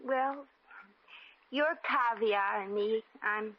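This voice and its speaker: An actress playing a brash, slangy American shop girl in a 1950s radio drama, quick with wisecracks. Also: on the high side, full character voice. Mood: wry. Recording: dull old radio recording.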